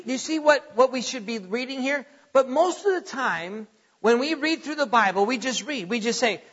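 A man's voice: extremely high pitch, animated, fairly quick, a bit bright, slightly rough. A middle-aged man preaching a sermon with emphatic, dramatic swings in volume and pace, recorded with dull lo-fi sound and a long hall reverb.

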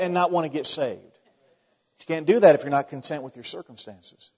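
A pastor preaching a sermon in a conversational way, asking the congregation rhetorical questions and adding joking asides. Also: male voice, a little high, normal speed, a little mellow, breathy edge. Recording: dull long reverb in a large hall.

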